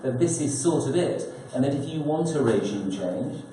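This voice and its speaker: Author, mellow voice, thoughtful talk with rhetorical questions, echoey conference hall. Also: male voice, medium pitch, animated, normal speed, slight background noise. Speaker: author and speaker at a press conference. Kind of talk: prepared talk to an audience.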